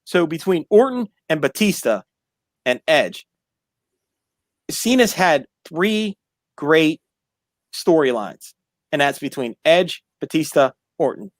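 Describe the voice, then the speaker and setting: Guy on a sports talk show pushing his take hard, lively and high, dry sound. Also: slow, pauses often, dry recording. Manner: insistent, animated arguing. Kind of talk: casual debate.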